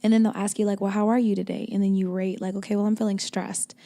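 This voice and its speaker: A woman's voice: mid-range voice, level tone, fast, mellow. A young woman co-hosting a podcast, chatting casually and acting out little quoted exchanges. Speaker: podcast co-host. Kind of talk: casual chat.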